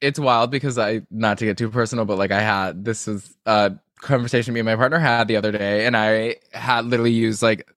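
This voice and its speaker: Man, podcast co-host, casual gossip, animated, swears, dry sound. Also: lowish voice, fairly quick, few pauses, dry recording. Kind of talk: casual chat.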